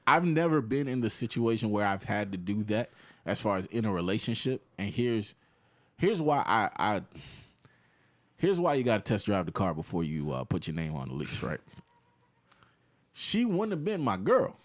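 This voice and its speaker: Animated young man hosting a chat. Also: on the low side, normal speed. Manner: animated, laughing, slangy, asks questions. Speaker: podcast host. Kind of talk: casual chat.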